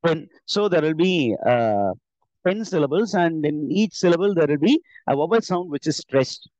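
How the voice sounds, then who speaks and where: A man's voice: fairly high pitch, expressive, moderate pace, a little mellow, no echo. A man with an Indian English accent teaching a live online lesson, explaining step by step with many filler "uh"s and self-corrections. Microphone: computer mic on an online class call. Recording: dull, dry online call audio.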